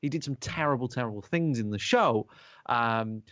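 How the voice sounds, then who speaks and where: A man's voice: mid-range voice, normal speed, no echo. Sweary man ranting on a podcast. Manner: animated, sweary, rambling. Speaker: podcast host. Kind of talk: casual podcast chat. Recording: dull lo-fi sound.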